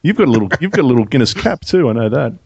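A man's voice: medium pitch, big pitch swings, very fast, creaky, a little mellow, husky, no room sound, highs cut off. A man reading Bible verses aloud and joking with his co-host in a casual study chat. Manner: jokey, reads verses aloud, laughs often.

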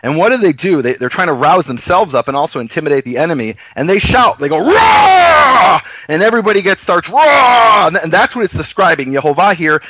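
Earnest man explaining, halting then excited. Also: fairly high pitch, dry recording, low-quality recording. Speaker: co-host explaining Hebrew words. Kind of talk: casual discussion of scripture.

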